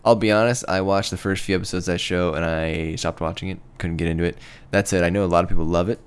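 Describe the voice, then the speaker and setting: A man's voice: low-pitched, fairly even intonation, quick pace, clear, resonant tone. A man co-hosting a casual podcast, chatting with some hesitation and self-conscious about pronouncing names. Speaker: podcast co-host.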